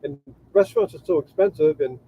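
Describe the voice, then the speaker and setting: A man's voice: fairly high pitch, brisk, dark tone, slightly rough. A man co-hosting a casual livestream chat. He rambles and restarts his sentences while thanking viewers. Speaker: co-host of a travel livestream. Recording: tinny phone-like sound.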